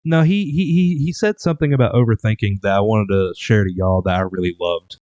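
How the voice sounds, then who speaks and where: A man's voice: fairly low pitch, fairly quick, warm tone, smooth, no echo, lo-fi sound. A young man co-hosting a podcast, casually telling a rambling story. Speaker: podcast co-host.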